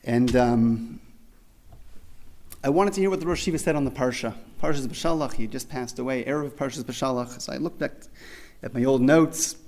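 A man's voice: mid-range voice, brisk, darkish tone. A man earnestly telling a personal tribute story, often restarting and repeating phrases, with many Hebrew religious terms. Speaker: speaker remembering his rabbi.

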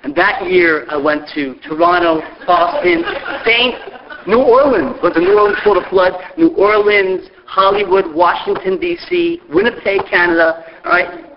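A middle-aged man telling stories about a mentor, lively and acting out the voices of the people he quotes. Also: high voice, moderate pace, creaky, noisy background. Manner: lively storyteller who acts out quoted voices. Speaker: speaker sharing memories of a mentor. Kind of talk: animated storytelling talk. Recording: dull lo-fi recording.

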